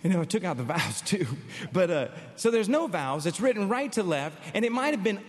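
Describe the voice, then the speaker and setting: A man preaching a sermon with emphatic, animated delivery and storytelling asides. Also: high-pitched, brisk, big-room sound. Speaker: pastor.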